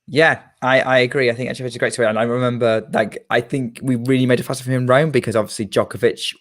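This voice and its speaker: A man's voice: medium pitch, steady tone, fast talker. A man co-hosting a tennis podcast, talking casually and hesitantly with many filler sounds. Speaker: podcast co-host.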